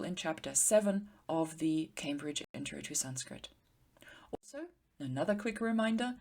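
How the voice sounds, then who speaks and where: A woman with a fairly low voice gives a patient grammar lecture. Her intonation is animated, rising and falling a lot. She slows right down to spell out word forms syllable by syllable. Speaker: Sanskrit teacher.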